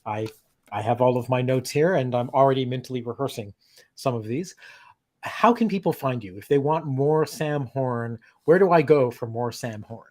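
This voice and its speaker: Halting, chuckling male host. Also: medium pitch, a little mellow. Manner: halting, lots of ums, self-deprecating laughs. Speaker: podcast host. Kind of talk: casual interview.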